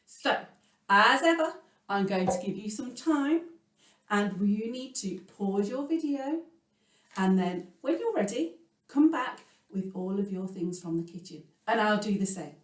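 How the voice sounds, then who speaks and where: An English woman leading a children's music lesson, animated and sing-song, swinging between loud words and whispers. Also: medium pitch, measured pace. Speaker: music teacher. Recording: echoey room, voice from a distance.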